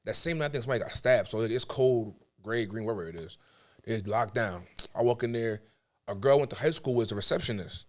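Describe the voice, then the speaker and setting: A young man from New York, a podcast guest, telling his story in casual, animated talk and acting out the dialogue. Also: mid-range voice, fast talker. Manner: animated, tells stories with acted-out dialogue.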